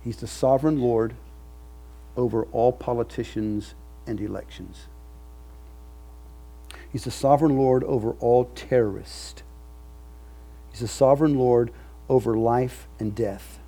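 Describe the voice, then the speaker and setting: A man's voice: medium pitch, a little slow, creaky, long pauses, warm tone. A male pastor preaching a sermon with an emphatic, repetitive cadence.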